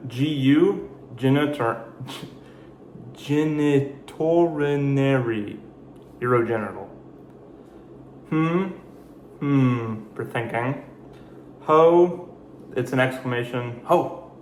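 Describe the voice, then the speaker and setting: A man's voice: mid-range voice, echoey room. Male host, casual explainer, dry jokey delivery, faint hum behind. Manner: dry, jokey asides between slow definitions. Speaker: video host. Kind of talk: casual explainer reading a word list.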